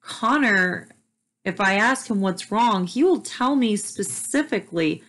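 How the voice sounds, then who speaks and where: A young mother talking candidly to camera, soft and hesitant, with frequent ums and restarts. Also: lowish voice, animated, measured pace, vocal fry. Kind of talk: candid personal talk to camera.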